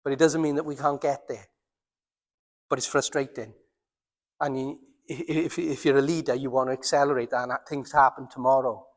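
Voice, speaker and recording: A man with a Welsh accent preaching a sermon as pastor, earnest, slowing down and dropping his voice for emphasis. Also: medium pitch, level tone, long reverb tail. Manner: earnest, slows down and drops to near silence for emphasis. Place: church.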